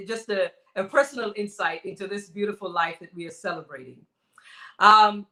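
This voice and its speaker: A woman's voice: medium pitch, pushed and bright, reverberant, poor audio. A woman hosting a book launch, speaking graciously and emphatically as she introduces speakers. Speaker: event host.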